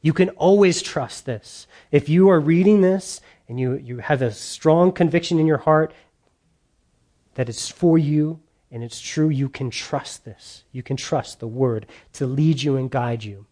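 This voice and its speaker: Man preaching a Bible study in a casual, conversational way; voice a bit high; drives points home by repeating them. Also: unhurried, warm tone. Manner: conversational preaching, repeats key lines, sarcastic mock voices. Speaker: pastor. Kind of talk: sermon.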